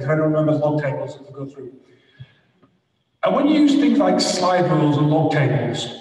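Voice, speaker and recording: Older guy, kinda high voice, rambly excited lecture, big echoey hall, far from the mic. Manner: enthusiastic, anecdotal, rambling. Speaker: guest lecturer. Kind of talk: lecture answering questions.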